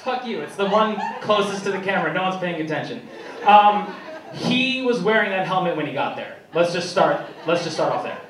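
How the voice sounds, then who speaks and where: High-voiced young comic in an echoey club. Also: male voice, a little fast, noisy background. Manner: animated, profane, self-mocking. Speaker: stand-up comedian. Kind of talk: stand-up comedy routine. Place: comedy club stage. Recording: echoey comedy club, distant mic, loud crowd. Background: loud audience laughter.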